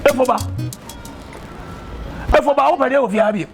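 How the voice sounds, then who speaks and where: A man's voice: very high-pitched, moderate pace, over music. An actor with a Ghanaian accent playing a talkative man who lectures and advises a young woman in a film drama. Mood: insistent.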